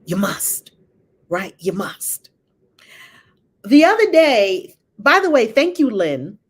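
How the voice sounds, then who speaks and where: A middle-aged woman teaching a spiritual class in a blunt, animated, profane way. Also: on the high side. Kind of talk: live online spiritual class talk.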